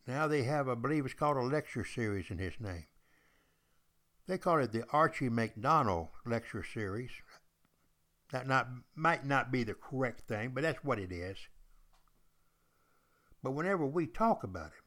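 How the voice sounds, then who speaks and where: A man's voice: medium pitch, animated, normal speed, pauses often, a bit bright. An older man hosting a podcast, a former history teacher telling history in a folksy, emphatic way. He repeats himself and speaks straight to his listeners. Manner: emphatic, repetitive, addresses listeners directly.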